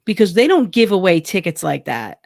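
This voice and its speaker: A middle-aged woman co-hosts a podcast in loose, casual chat, often correcting herself and laughing. Her voice has a gravelly, fry-tinged texture. It is recorded close and dry. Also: on the low side, big pitch swings, a little fast, no room sound. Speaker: podcast co-host.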